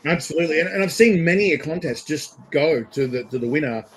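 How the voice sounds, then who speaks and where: A man interviewing a guest in casual chat, telling animated stories and acting out the quotes. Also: on the high side, fast talker, breathy edge, low-quality recording. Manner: animated storyteller, acts out quotes with big laughs.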